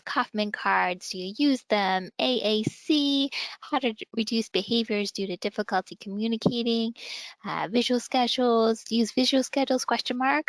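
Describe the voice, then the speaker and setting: A woman presenting a webinar, reading out a list of attendee questions with pauses, on a computer mic. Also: on the high side, no room sound, rough recording.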